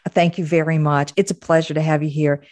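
A woman's voice: sits low, flat delivery, brisk, a little mellow, dry recording. A woman hosting a podcast interview, affirming her guest and summarizing the takeaways. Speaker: podcast host. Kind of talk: interview and show wrap-up.

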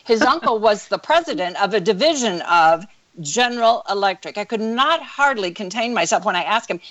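A woman sales coach with an energetic, animated way of telling stories, speaking as a guest over a call. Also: medium pitch, fairly quick. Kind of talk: storytelling interview answer. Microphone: call recording.

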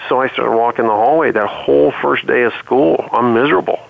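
A man's voice: medium pitch, a little fast, vocal fry. A man guest telling a personal story earnestly in a casual conversation, heard over a call line. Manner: earnest storytelling with many restarts. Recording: tinny phone-like line.

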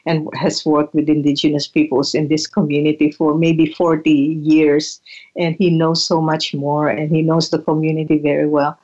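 A low-voiced older woman shares personal reflections in a gentle, halting way, doubling back on her words and laughing softly now and then. The recording is muffled and lacks clarity. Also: flat delivery. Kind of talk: reflective storytelling.

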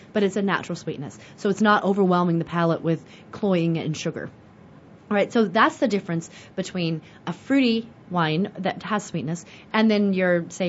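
An American woman hosting a wine show, chatting casually as she teaches and asking and answering her own questions with animation. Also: medium pitch. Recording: dull lo-fi audio with faint hiss.

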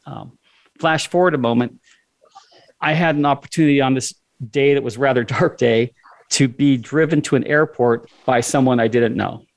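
A man's voice: mid-range voice, normal speed, vocal fry. Guy telling a personal story in a chat, medium voice, acts out what he and others said. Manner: conversational storyteller who acts out his own dialogue.

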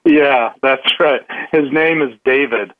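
A man telling a candid personal story as a guest, halting with many restarts and fillers. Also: medium pitch. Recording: tinny phone line.

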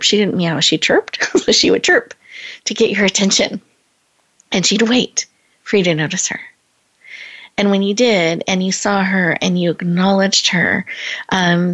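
A woman hosting a podcast, telling a personal story in a chatty way, laughing often and slowing down for emphasis. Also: fairly low pitch, highs cut off. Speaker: podcast host.

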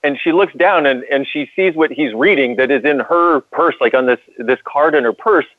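A man's voice: fairly high pitch, moderate pace, no room sound, narrow, tinny audio. Man, earnest call-in co-host, restarts his sentences a lot, thin phone sound, dead dry. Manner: earnest storytelling with many restarts. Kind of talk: call-in radio talk.

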